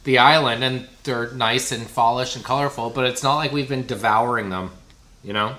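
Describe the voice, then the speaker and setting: A man's voice: mid-range voice, fairly even intonation, normal speed, pushed and bright, echoey room. A man chatting casually with a co-host, upbeat and talkative. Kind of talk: casual chat.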